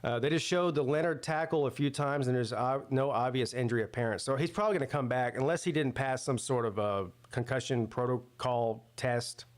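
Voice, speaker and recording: A man's voice: mid-range voice, brisk, few pauses. A man hosting a live football watch-party stream, chatting loosely and thinking aloud with lots of fillers and restarts. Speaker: sports watch-party host. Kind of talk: casual live-stream commentary.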